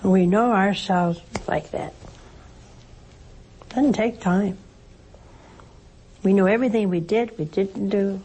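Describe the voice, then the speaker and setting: Slow, husky woman consoling a caller. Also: mid-range voice, rough recording. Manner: gentle, consoling, preaching. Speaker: call-in show host and religious counselor. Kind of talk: pastoral counsel to a caller.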